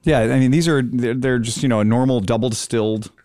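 A man's voice: medium pitch, steady tone, quick pace. A man hosting a casual podcast chat, loose and rambling, swearing freely. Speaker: host. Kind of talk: casual podcast chat while tasting spirits. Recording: loud background ambience.

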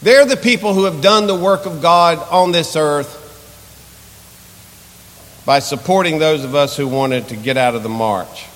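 A man's voice: a little high, measured pace, long pauses, a bit bright, big-room sound. A male pastor preaching a sermon with impassioned, repetitive rhetorical questions, in a church sanctuary.

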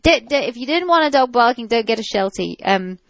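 A dog trainer takes listener questions on a chatty radio call-in show, giving practical advice with many fillers and restarts. Her voice is fairly high, bright and animated, she talks briskly, and the recording is dry.

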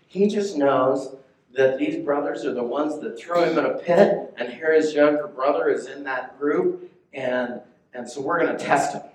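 A man's voice: fairly high pitch, darkish tone. A male pastor giving a conversational sermon, reading and explaining scripture and checking in with listeners. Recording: echoey room.

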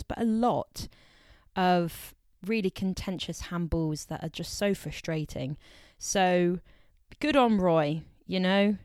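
A woman's voice: on the low side, darkish tone, dry recording, studio quality. A young woman, co-hosting a podcast in a chatty, playful way and laughing between remarks. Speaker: podcast co-host. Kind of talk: casual podcast chat about football.

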